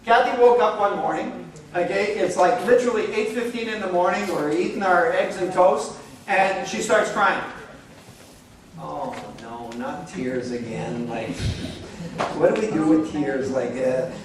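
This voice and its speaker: A middle-aged man giving a relaxed, joking church talk on marriage, full of "okay?" and "like". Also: high-pitched, measured pace, crowd noise. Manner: animated, joking, many "okay?" and "like". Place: church hall. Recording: echoey room from far off.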